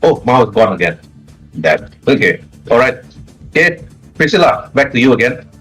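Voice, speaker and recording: A man's voice: medium pitch, sing-song, normal speed, a bit bright, faint music behind, rough recording. Man running a tabletop game. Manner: casual, repeats words and restarts while describing scenes. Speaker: game master.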